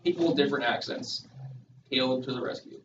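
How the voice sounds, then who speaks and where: A young man, a student, gives casual commentary on a book, halting and searching for words as he goes. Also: mid-range voice, noisy background. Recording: distant, echoey, dull room recording.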